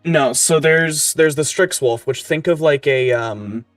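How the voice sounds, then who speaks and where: A man's voice: on the high side, measured pace, dry recording, soft background music. A man running a tabletop game as game master, reading out scene descriptions and laughing easily with his players.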